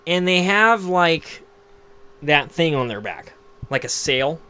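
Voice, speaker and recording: A man's voice: on the high side, big pitch swings, slow pace, pushed and bright, clear, resonant tone. A young man hosting a livestream, ranting casually to his chat in a mocking, profane, rambling way. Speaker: livestream host. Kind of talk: casual rant to live chat.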